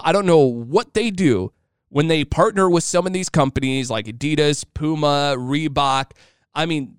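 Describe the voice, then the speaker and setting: A man in his thirties hosting a podcast alone, telling a story in an animated, chatty, jokey way. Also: on the high side, smooth, dry recording, clean studio sound. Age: 30s. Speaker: podcast host. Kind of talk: casual solo storytelling.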